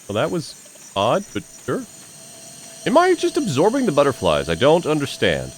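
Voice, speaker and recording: A man's voice: fairly high pitch, wildly swooping pitch, normal speed, slight background noise. A man from Ireland casually commentating a game he plays, making playful, jokey asides and reading game text aloud. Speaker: let's play gamer.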